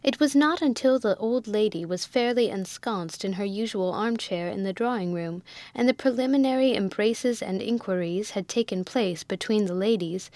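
A woman narrating a classic novel in a measured, even storytelling way. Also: medium pitch, dry recording. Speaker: audiobook narrator.

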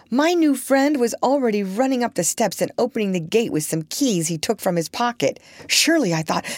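A woman reading a children's story aloud in an expressive storytelling manner. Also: medium pitch, no echo. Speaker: audiobook narrator. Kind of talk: scripted storybook narration.

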